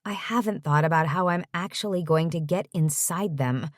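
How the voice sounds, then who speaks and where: Female audiobook narrator, lowish, wry, dry close mic. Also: moderate pace, no echo. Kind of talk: first-person romance audiobook narration.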